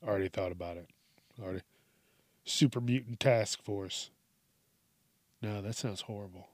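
A man's voice: on the low side, moderate pace, a little mellow, no room sound, studio quality. A man hosting a podcast alone, rambling through a casual, profane, self-mocking monologue. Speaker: podcast host.

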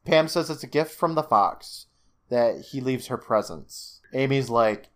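Over faint background music, another male podcast co-host recaps a TV episode at a measured pace, his voice sitting at medium pitch. The chat is casual and full of cursing, frequent laughter, and lines acted out in character.

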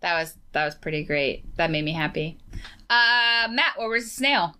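Bright-voiced woman co-hosting a podcast. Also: lowish voice, lively intonation, moderate pace, clear, resonant tone. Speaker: podcast co-host. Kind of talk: casual chat.

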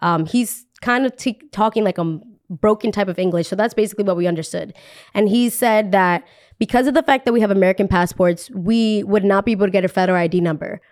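Chatty New woman telling a story. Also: medium pitch. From New Jersey. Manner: animated, chatty, acts out the people she quotes. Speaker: podcast host telling a story. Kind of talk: casual storytelling.

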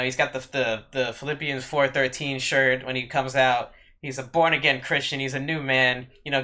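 Dude cohosting a podcast, bright sharp voice, laid back and blunt. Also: male voice, mid-range voice. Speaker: podcast co-host. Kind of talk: casual chat.

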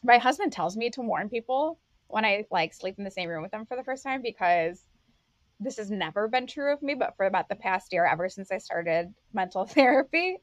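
A woman's voice: medium pitch, lively intonation, fairly quick, no room sound. Chatty woman podcaster, dry close mic. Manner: chatty, self-correcting, laughs mid-sentence. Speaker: podcast co-host. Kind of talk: casual chat.

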